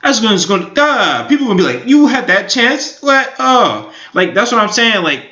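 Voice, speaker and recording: A man's voice: high voice, very animated, fairly quick, pushed and bright. A man in his twenties giving rambling, upbeat casual commentary on crypto markets, full of fillers. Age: 20s. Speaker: crypto YouTuber. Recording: echoey room, dull lo-fi sound.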